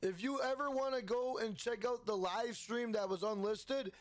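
A man hosting a gaming livestream, giving hyped, rapid shout-outs to his chat. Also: extremely high pitch.

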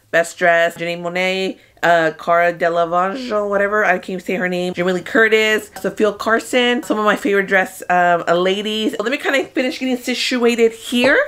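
A young woman reacting to an awards show in a casual, chatty, excitable vlog. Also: mid-range voice. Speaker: movie vlogger.

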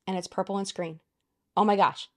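Woman, thirties, excitable beauty review, gushing, medium pitch. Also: a little fast. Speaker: beauty vlogger. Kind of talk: casual product review.

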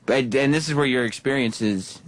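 A man co-hosting a radio show, trading quick, giggly banter. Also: mid-range voice. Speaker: radio co-host.

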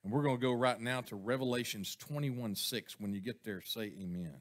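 A man's voice: mid-range voice, fairly quick. A man preaching a sermon to his church congregation, folksy and chuckling, often asking the people questions. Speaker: pastor. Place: church sanctuary.

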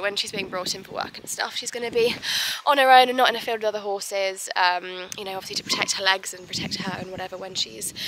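A young woman vlogging at a horse yard, chatty and giggly, cooing fondly at her horses. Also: mid-range voice. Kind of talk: casual vlog chat. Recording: loud wind noise outdoors.

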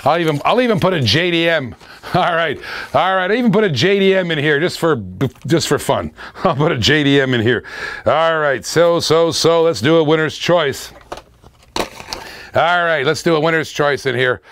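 Excitable laughing auction host man. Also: fairly high pitch, normal speed. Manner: laughing often, excitable, repeats phrases. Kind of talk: excited live-stream auction patter.

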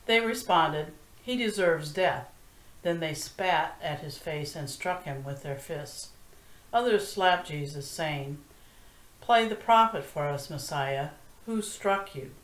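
A woman reads scripture aloud at an even, measured pace. Her voice sits low, and the recording has a roomy echo around it. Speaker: scripture reader. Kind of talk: prerecorded scripture reading. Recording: echoey room.

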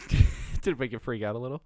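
A man's voice: medium pitch, steady tone, brisk, mellow, no echo. A man co-hosting a podcast in casual chat, joking and giggling often. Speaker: podcast co-host.

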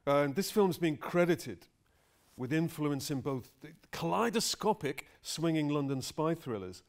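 A man interviewing a guest on a theatre stage, asking relaxed, prompting questions. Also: a little high, measured pace. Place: theatre stage before audience.

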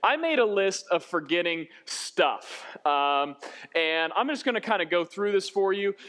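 A young pastor with a notably high, light voice delivers a sermon from the church. He talks loosely and jokes with the congregation, then slows into earnest, serious points. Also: animated, a bit bright. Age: young adult. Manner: casual, joking preaching that turns earnest. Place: church sanctuary.

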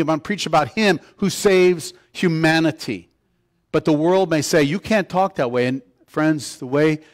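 A man preaching a conversational sermon to his church, swinging between loud emphatic lines and soft low asides. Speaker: pastor.

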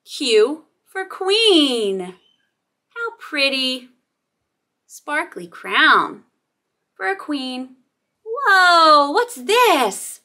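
A woman hosting a toddler phonics lesson, drawing out letter sounds in a slow, sing-song way. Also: high-pitched, big pitch swings, bright, forceful tone. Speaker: children's teacher and host.

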